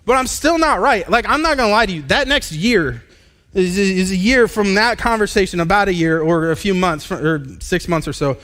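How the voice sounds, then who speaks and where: A man in his thirties, a pastor, preaching a candid personal testimony in a live church sermon, halting and restarting as he talks. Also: high-pitched, bright, forceful tone. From United States. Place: church sanctuary.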